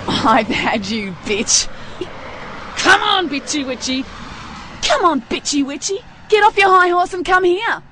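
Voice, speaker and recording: A man voicing a spiteful woman mannequin who hurls shrill taunts. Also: expressive, unhurried, bright, forceful tone, slight background noise, exaggerated voice. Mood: taunting. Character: spiteful shrieking woman dummy, Solitaire.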